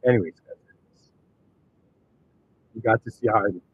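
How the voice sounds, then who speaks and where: A man's voice: on the low side, moderate pace, husky, highs cut off. A man hosting a solo podcast, rambling casually and breaking into laughter again and again. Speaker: podcast host.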